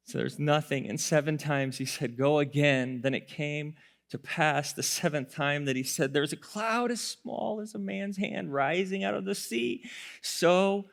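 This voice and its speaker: A male pastor preaching a sermon, telling the story with animated voices, laughter and occasional shouts. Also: on the high side, unhurried, vocal fry.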